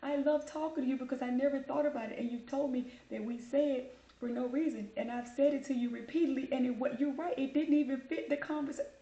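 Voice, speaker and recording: A woman voicing a flustered, apologetic female customer service agent, high and gushing. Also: fairly even intonation, fast talker, mellow, echoey room, dull audio. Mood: gushing apology.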